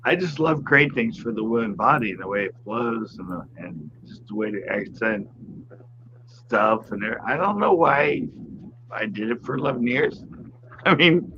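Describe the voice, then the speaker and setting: A man's voice: fairly low pitch, expressive, normal speed. A middle-aged man chats casually on a livestream, telling stories and laughing often. The sound is a little dull, with faint noise behind him. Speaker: guest.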